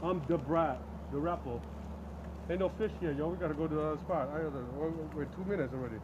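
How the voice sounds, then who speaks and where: A playful, trash-talking father jokes his way through a fishing trip by a creek. His banter is loose and teasing, and he laughs often. The sound is a phone video taken outdoors with a steady hiss of background noise. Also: fairly high pitch, quick pace, lo-fi sound. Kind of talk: casual joking banter.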